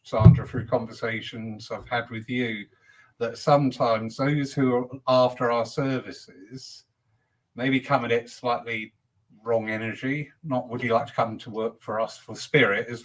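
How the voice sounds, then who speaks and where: A man's voice: medium pitch, steady tone, unhurried, poor audio. Chatty man hosting a discussion. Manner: chatty, acts out quoted voices. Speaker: host. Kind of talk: casual panel discussion.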